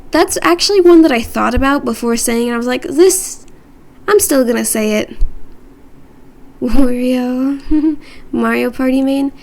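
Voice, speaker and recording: Woman streamer, casual rambling chat from her room, playful and self-mocking, raised pitch with a creaky edge.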